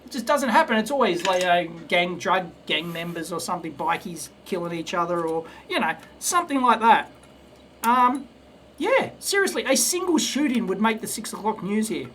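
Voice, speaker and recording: An Australian electronics video host chats casually while soldering on a live stream, his high-pitched voice sing-song and fairly bright at normal speed. He rambles bluntly, restarting and stammering repeats often, with slight background noise.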